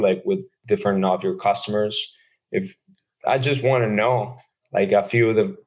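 A man with a slightly low voice hosting an interview podcast. He asks loose, rambling questions, leaning on "like" and "uh" while he works his way toward the point. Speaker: podcast host.

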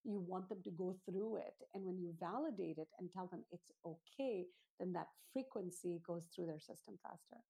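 A woman with a slightly husky, low-pitched voice speaks as a guest in an interview. Her tone is dark and mellow. She lays out her points in an earnest, teacherly way, step by step. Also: moderate pace, hardly any pauses. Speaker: parenting author, guest. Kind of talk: explanatory interview talk.

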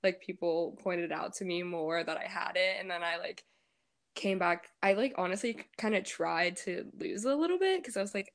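A young woman with a Pittsburgh accent tells stories in a loose, chatty way, packed with fillers. Her voice sits a little low and has a gravelly fry to it. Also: moderate pace. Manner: chatty storyteller, many fillers, frequent laughs. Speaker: podcast co-host. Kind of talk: casual chat.

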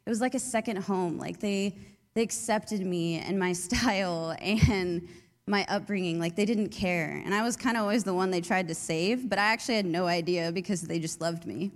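A woman's voice: mid-range voice, moderate pace. A young woman, a youth leader, telling her faith story in a chatty way with many fillers. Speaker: youth leader giving testimony. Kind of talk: personal testimony talk. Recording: long hall reverb.

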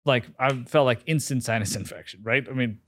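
A man's voice: mid-range voice, fairly quick. A man in his forties, a podcast guest telling a story in a candid, self-mocking way, swearing casually and restarting his sentences. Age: 40s. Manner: candid, swears freely, laughs at himself, many fillers and restarts. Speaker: interview guest.

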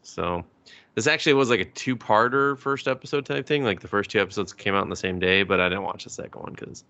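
A man's voice: lowish voice, fast talker, pushed and bright, highs cut off. A man co-hosting a podcast, chatting casually and rambling with lots of fillers and sarcastic asides. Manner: rambling, full of likes and ums, sarcastic asides. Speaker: podcast co-host. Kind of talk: casual anime review chat.

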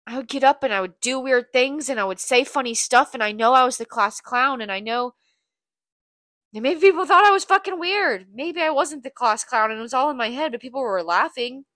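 A woman's voice: high voice, animated, fairly quick, fairly bright tone, no room sound, clean studio sound. A young woman hosting a podcast, talking in a blunt, candid, profane confessional monologue. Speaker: podcast host.

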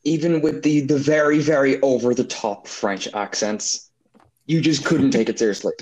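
A man co-hosting a casual podcast chat, talking in a drawn-out, exasperated way. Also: medium pitch, a little mellow, poor audio. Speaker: podcast co-host.

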